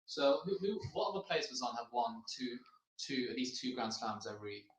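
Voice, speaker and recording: Male sidekick on a tennis stream, husky voice, casual, chiming in with stats. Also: medium pitch, lively intonation, brisk, low-quality recording. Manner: chips in with facts and questions. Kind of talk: casual sports chat.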